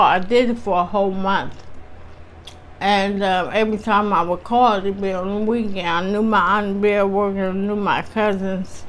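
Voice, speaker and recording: A woman's voice: medium pitch, slight background noise. A woman vlogger with a strained voice, telling a personal story to her viewers in a candid, chatty way. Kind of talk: casual storytime chat.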